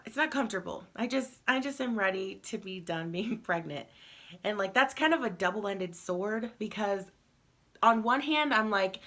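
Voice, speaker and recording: Bright-voiced young pregnant woman rambling thru a vlog update, tired, laughs a lot. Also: mid-range voice. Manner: chatty, rambling, laughs often, many fillers. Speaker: vlogger.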